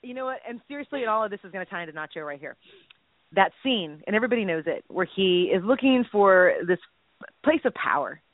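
This woman co-hosts a casual faith podcast over the phone, her talk jokey and meandering. She speaks fast and animatedly at medium pitch, and the tinny line is dry with no echo.

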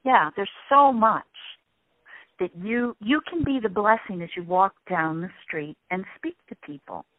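A woman's voice: medium pitch, measured pace, no room sound. A woman guest in an interview, explaining ideas and shifting her tone to show different ways of speaking. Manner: demonstrates voices by shifting tone. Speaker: sound healing guest. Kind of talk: interview conversation. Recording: tinny phone-like line, dry.

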